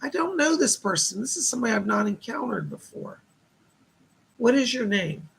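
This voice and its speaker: A man's voice: very high voice, big pitch swings, normal speed, a bit bright, slight background noise, rough recording. A man giving live psychic readings, relaying spirit messages with constant "she said" tags. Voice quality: gravelly, husky. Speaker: psychic medium.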